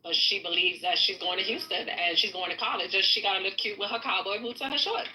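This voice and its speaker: Bright-voiced New woman, echoey room. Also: mid-range voice, fast talker. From New York. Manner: laughing, teasing, playful. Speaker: show co-host. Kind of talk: casual banter.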